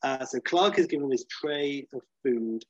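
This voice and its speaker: Husky man telling an animated story. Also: mid-range voice, a little slow, no echo. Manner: animated storytelling, many fillers, laughs, acts out scenes. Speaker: podcast co-host pitching a film idea. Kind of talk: casual comedic chat. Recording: dry, slightly dull lo-fi sound.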